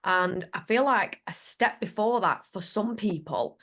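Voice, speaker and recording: A woman's voice: medium pitch, expressive, a little slow, a bit bright. A woman podcast host in casual chat, talking playfully and chattily with many "like" fillers.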